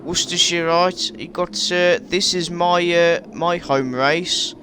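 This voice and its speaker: Brief: man, Black Country accent, game video host; unhurried, rambling, jokey delivery, light background hiss. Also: high voice, fairly even intonation, pushed and bright. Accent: West Midlands English, Black Country. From England. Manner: chatty, rambling, self-correcting, jokey. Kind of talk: casual game commentary.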